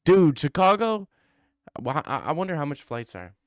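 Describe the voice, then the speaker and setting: A man's voice: medium pitch, big pitch swings, fast, a bit bright, dry recording, clean studio sound. A man streaming live, chatting casually with his viewers in a rambling, joking way. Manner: rambling, joking banter with chat. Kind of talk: casual livestream chat.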